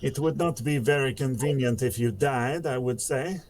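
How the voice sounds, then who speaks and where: A man's voice: medium pitch, moderate pace, darkish tone, close to an everyday voice. A man voicing a smug, self-satisfied male drow in a tabletop game, dry and condescending.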